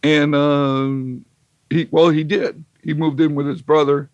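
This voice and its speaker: A man's voice: a little high, flat delivery, slow pace, a little mellow, dry recording, muffled recording. A man telling a long, wry, rambling story as an interview guest, with lots of fillers and restarts. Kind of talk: casual storytelling.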